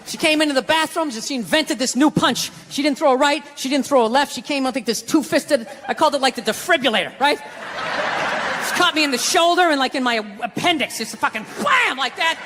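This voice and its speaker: This stand-up comic, a man, speaks at an extremely high pitch and fairly quickly as he rants profanely through a story on a theater stage. The recording is noisy, echoing through the hall with a live audience laughing.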